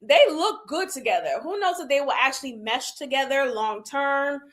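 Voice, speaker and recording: A woman in her thirties giving candid, animated commentary on a reality show and laughing often. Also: high-pitched, moderate pace. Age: 30s. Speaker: reality TV reviewer. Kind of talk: casual commentary.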